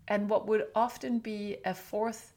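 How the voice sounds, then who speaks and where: A woman's voice: mid-range voice, level tone, unhurried, darkish tone. A middle-aged woman hosting a parenting podcast, giving earnest, instructive advice and acting out example phrases. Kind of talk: advice monologue.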